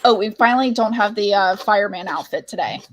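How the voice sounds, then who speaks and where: A woman's voice: mid-range voice, fairly quick, a little hiss or hum, poor audio. A woman hosting a book club podcast in casual chat, laughing often as she quotes film lines. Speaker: parent.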